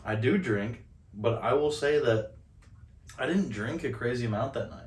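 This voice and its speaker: A man's voice: mid-range voice, moderate pace, roomy sound, distant mic. A man from Southern Indiana co-hosting a podcast in casual chat, joking and a little defensive. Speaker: podcast co-host.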